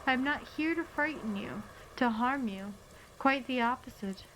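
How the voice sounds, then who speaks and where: A woman's voice: high-pitched, lively intonation, moderate pace, fairly bright tone, slight background noise, rough recording. Woman reading as a creepy, preachy old man. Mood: ominous.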